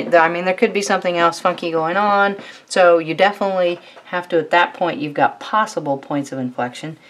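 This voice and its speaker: A woman teaching a recorded calculus lecture, talking students through a problem step by step in a relaxed, conversational way. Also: deep voice. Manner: relaxed, conversational, thinks aloud while writing. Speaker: math teacher.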